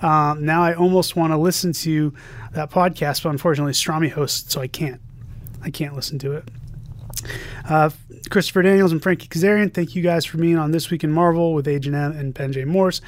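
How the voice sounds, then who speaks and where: A man's voice: on the high side, fairly even intonation, fairly quick. A man co-hosting a podcast, reading listener messages aloud and joking about them in casual chat. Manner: jokey, reads quotes aloud with playful emphasis. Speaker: podcast co-host.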